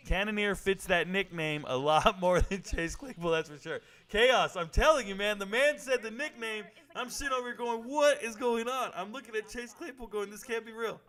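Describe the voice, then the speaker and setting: A man's voice: high-pitched, a bit bright. A man hosting a casual livestream, chatting loosely, joking and answering viewers' comments. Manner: laid-back, joking, reads and answers chat. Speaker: livestream host.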